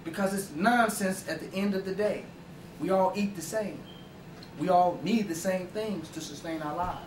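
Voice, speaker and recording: Recorded from a distance, a man with a high-sitting voice speaks at normal speed, slightly raised, giving an emphatic, profane informal lecture punctuated by rhetorical check-ins. His voice rings through a reverberant room away from the mic, with a faint hum behind.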